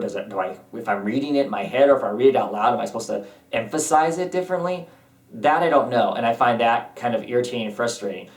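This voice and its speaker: A man giving a casual spoken review, rambling and hesitant, with many pauses and restarts as he thinks aloud. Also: medium pitch, reverberant, recorded from a distance. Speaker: comic book reviewer.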